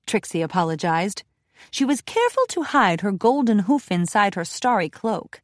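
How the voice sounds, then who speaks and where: A woman giving an expressive, scripted narration of a children's storybook. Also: medium pitch, normal speed, no room sound, clean studio sound. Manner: expressive, lively reading.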